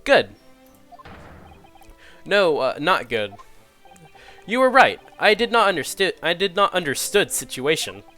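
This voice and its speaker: A man's voice: high-pitched, sing-song, unhurried, long pauses, sharp tone, soft background music, voice pushed up, exaggerated voice. A man putting on a blunt juror with broken English. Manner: stiff broken English, dropped articles, emphatic.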